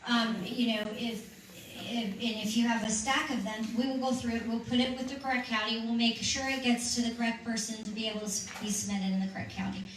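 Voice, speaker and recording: A woman's voice: fairly high pitch, steady tone, fairly quick, few pauses, far from the mic. A woman leading a petition workshop, answering audience questions in an earnest, persuasive way with frequent restarts. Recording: echoey room recorded from afar, faint hum.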